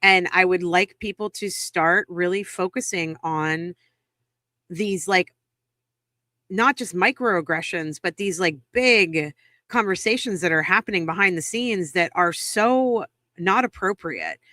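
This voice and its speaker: A woman from Massachusetts, co-hosting a podcast and talking casually. Her bright voice sounds dry and close. She comes across heated and indignant and drops swear words for emphasis. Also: on the low side, measured pace, dry recording. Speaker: podcast co-host. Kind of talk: casual chat.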